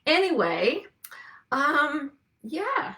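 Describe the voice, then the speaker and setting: A woman's voice: high-pitched, very animated, very slow, bright, forceful tone. A woman hosting a casual live video broadcast, chatting and greeting viewers with frequent laughs. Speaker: host. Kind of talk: casual chat. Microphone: video call webcam.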